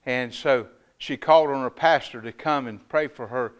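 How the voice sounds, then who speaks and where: A middle-aged man from North Carolina, preaching a fervent sermon with sudden loud rises and quiet drops. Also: medium pitch, moderate pace, clean tone. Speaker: pastor.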